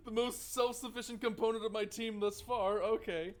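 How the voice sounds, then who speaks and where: A man with a high voice streams a game and chats with his viewers in a joking, sarcastic tone. He reads the game's story text aloud between his own remarks. Faint game music plays under his voice. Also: steady tone, measured pace. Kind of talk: casual let's-play commentary, reading game text aloud.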